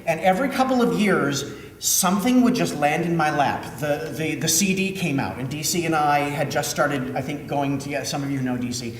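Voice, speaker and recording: A man from Minnesota, a theater director, telling a story in a chatty, lively way during a post-show Q&A. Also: on the high side, normal speed, slight background noise. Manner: chatty storytelling, animated when quoting. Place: theater auditorium. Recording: echoey hall, mic at a distance.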